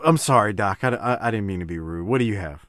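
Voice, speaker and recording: A man's voice: on the low side, expressive, fast talker, a bit bright, no echo. A man hosting a casual chat over wrestling footage, breaking into laughing fits, swearing and apologizing. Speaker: podcast host.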